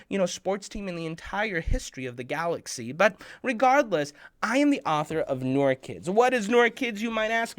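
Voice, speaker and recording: Animated man joking through a kids' sermon. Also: high voice. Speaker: children's khutbah presenter. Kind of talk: playful storytelling sermon for kids.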